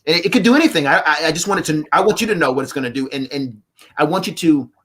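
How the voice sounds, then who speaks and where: Animated, fast-talking man. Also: slight background noise. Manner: animated, preacherly storytelling with wide swings in pitch. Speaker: guest, actor and playwright. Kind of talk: casual chat on a live talk show.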